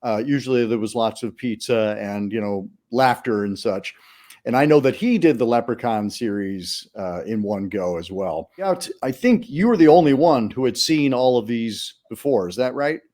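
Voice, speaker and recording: A man hosts a horror podcast, his pitch rising and falling with lots of energy. He reads a dramatic scripted opening, then slips into easy, friendly conversation. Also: normal speed. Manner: lively, theatrical delivery. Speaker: podcast host. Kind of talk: scripted intro then casual chat.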